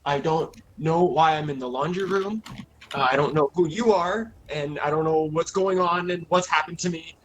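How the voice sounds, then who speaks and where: A man's voice: fairly high pitch, moderate pace, fairly bright tone, close to an everyday voice. A man voicing a frightened woman asylum doctor who stammers and gasps. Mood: flustered. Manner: gasping, breathless, stammering.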